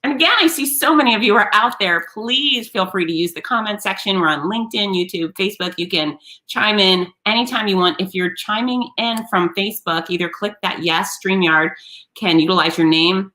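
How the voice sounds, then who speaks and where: A woman hosting a live-streamed talk show, chatting with viewers in an animated, sarcastic way. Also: mid-range voice, moderate pace. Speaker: host.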